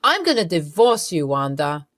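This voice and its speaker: A woman putting on a wounded young husband, his voice pushed low and cold as he accuses. The read is plain and dry, with no room around it. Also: very animated, normal speed, fairly bright tone, no room sound. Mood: hurt angry. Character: hurt, angry young husband on speakerphone.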